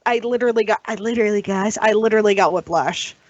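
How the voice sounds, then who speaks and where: A woman's voice: mid-range voice, fast talker, no echo, lo-fi sound. A woman co-hosting a podcast in a chatty, offhand way. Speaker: podcast co-host. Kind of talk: casual chat.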